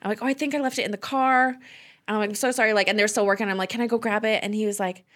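A woman's voice: mid-range voice, fairly even intonation, very fast, fairly bright tone. Woman chatting casually on a podcast. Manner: chatty, laughs along. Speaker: podcast co-host. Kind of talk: casual storytelling.

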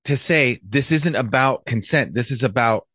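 A man's voice: mid-range voice, normal speed, a bit bright, slightly rough, dry recording. A man co-hosting a podcast, bantering in a casual, profane, joking way. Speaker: podcast co-host.

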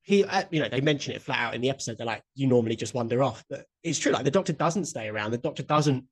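A young man co-hosting a casual podcast chat, enthusiastic and quick to laugh, often checking "do you know what I mean". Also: mid-range voice, animated. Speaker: podcast co-host.

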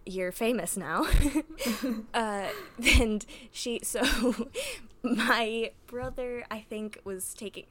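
A woman's voice: mid-range voice, a bit bright, a little hiss or hum. A young woman hosting a podcast, casually telling family stories with lots of giggles and filler words. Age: young adult. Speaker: podcast host. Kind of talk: casual storytelling.

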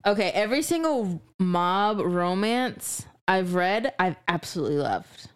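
Woman, playful, casual slang, lively pitch, laughs. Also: measured pace, clean tone. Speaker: podcast co-host. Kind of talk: casual book club chat.

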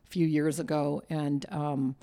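A woman's voice: low-pitched, level tone, unhurried, dark tone. A middle-aged woman from southern California, chatting casually and telling family stories with frequent laughs. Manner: chatty storyteller, laughs often. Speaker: guest, host's mother. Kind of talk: casual chat.

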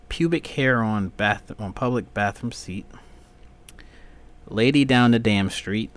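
A man with a fairly low voice hosts his own podcast, talking in a loose, rambling, profane style. He drifts between low mutters and sudden loud, high-pitched rants. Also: vocal fry. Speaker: podcast host. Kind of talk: solo podcast rant.

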